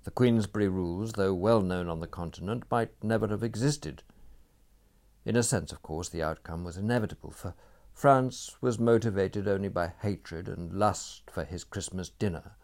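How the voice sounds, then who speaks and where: Deep gravelly male storyteller. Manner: measured, expressive reading with dry wit. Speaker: narrator. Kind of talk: audiobook narration of a novel.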